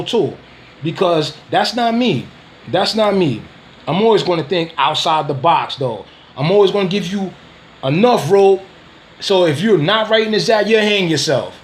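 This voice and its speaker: A man's voice: high-pitched, slight background noise. A man ranting on a casual video, confrontational, using street slang, repeating himself and laughing scornfully between points. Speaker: dog breeder and vlogger.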